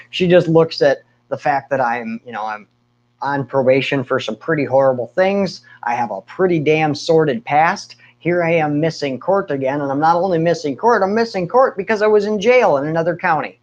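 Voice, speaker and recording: A man casually telling a personal story, candid and animated, often acting out what people said. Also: a little high, dull audio. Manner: candid, animated storytelling with asides and quoted dialogue. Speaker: speaker sharing his testimony.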